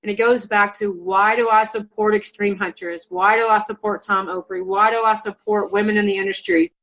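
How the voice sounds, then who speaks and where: A woman's voice: mid-range voice, steady tone, a little fast, fairly bright tone. A woman from Colorado, a hunting contest finalist, telling a story in a chatty, emotional way that's full of "like". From Colorado, United States. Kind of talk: casual interview storytelling. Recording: dull lo-fi sound.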